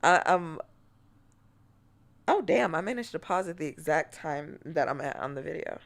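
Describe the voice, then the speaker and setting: Woman streamer, lowish gravelly voice, loose and laughing, mock-annoyed commentary. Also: expressive, a little fast. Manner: laughs often, playfully exasperated, dips to whispers. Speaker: streamer hosting a watch-along.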